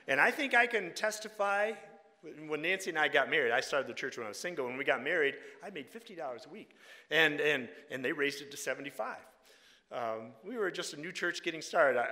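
Older male preacher, bright hall echo. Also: on the high side. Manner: conversational with wry humor, drops to a hush for quotes. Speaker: guest preacher and Bible college teacher. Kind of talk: sermon. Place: church sanctuary.

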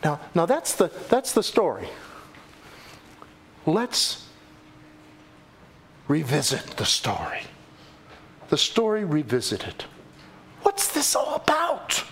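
A male pastor preaching a sermon, telling the story with animated delivery and acting out the quoted voices. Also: on the high side, slow pace, pauses often, a little hiss or hum.

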